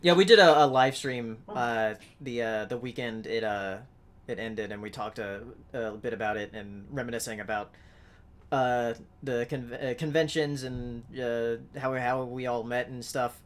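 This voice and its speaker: A man hosting a podcast in casual chat, halting and full of fillers. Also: mid-range voice, steady tone. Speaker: podcast host.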